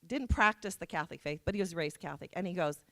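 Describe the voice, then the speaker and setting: A woman's voice: fairly low pitch, animated, fast, sharp tone, no room sound. Woman telling a story on stage. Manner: anecdotal, self-deprecating, acts out quoted dialogue. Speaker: keynote speaker. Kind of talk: storytelling speech. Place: conference hall.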